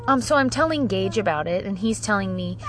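A woman's voice: medium pitch, animated, a little fast, a bit bright, slight background noise. A woman in her thirties hosting a podcast, talking candidly and swearing casually with self-deprecating humor. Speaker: podcast host. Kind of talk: casual solo podcast monologue.

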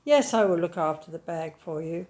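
A woman's voice: lowish voice, lively intonation, moderate pace, a little mellow, voice pushed down, lightly acted. A woman reading the part of a bemused male butcher in a children's story, speaking in a patronising, humouring tone.

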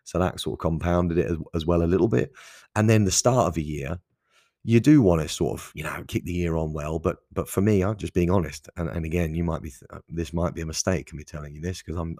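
Man, podcast host, gravelly rasp, candid casual monologue. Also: fast talker, dark tone, no room sound, clean studio sound. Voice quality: gravelly, husky low voice. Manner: candid and conversational, frequent restarts and asides.

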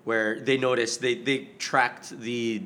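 A man in casual chat about movies, talking in a rambling, self-correcting, animated way. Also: mid-range voice, takes it slowly, slight background noise.

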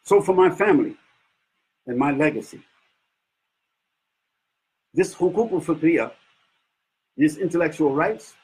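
A middle-aged male preacher delivers a lecture sermon in a slightly raised, husky voice. He argues point by point with emphatic, rhetorical energy and sometimes mimics the people who criticize him. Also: on the high side, expressive, a little slow, pauses often, a little mellow, rough recording. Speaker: Islamic preacher.

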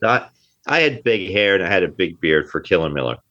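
A very animated actor guest from New Jersey speaks briskly in a deep, bright, forceful voice during a casual interview. He drives his points home emphatically and often repeats himself, on a dull lo-fi recording.

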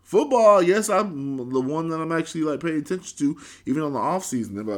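Man, podcast host, casual, rambling, profane, slightly high pitch. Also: expressive, a little fast. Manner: rambling, profane, laid-back.

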